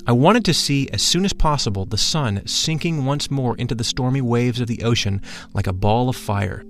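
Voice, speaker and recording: A man reads a first-person account aloud in a measured, solemn manner, his voice sitting in an ordinary middle pitch. Faint music plays softly underneath the narration.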